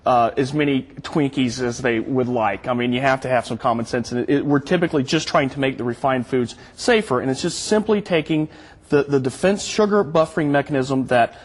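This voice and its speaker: A man's voice: medium pitch, fairly quick. A man appearing as a guest on a TV show, earnestly explaining a product in interview answers. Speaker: product spokesman, studio guest.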